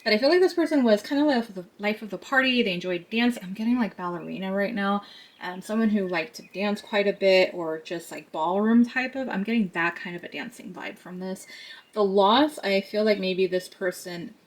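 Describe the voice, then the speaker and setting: A woman's voice: mid-range voice, a little fast. A woman giving a tarot card reading to her viewers, talking in a chatty, earnest way with many fillers and asides.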